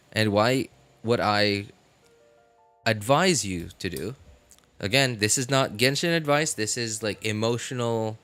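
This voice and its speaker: A man's voice: on the low side, fairly bright tone, no room sound. A man streaming a game, chatting casually in a rambling, wry way, often restarting his sentences. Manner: rambling, self-correcting, wry. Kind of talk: casual live-stream chat.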